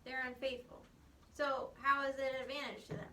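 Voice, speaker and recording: A woman leads a Bible class at an unhurried pace, explaining and stressing points with "um" and "okay". Her voice sits high and sounds crisp. She is picked up from across an echoey room, with faint room noise behind her. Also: level tone, sharp tone. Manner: emphatic and explanatory, with frequent "um" and "okay". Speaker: Bible study teacher. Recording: echoey room recorded from far off.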